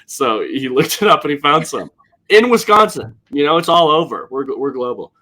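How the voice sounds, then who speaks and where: A man's voice: on the high side, sing-song, moderate pace, sharp tone. A young man co-hosting a casual sports podcast, easygoing and laughing often, with plenty of ums. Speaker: podcast co-host and sports writer.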